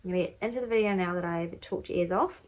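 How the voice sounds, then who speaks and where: At home indoors, a mother with a New Zealand accent tells a casual, rambling story for her vlog, full of fillers like "like" and "um." Her voice is on the low side, fast and darkish, in a low-quality recording.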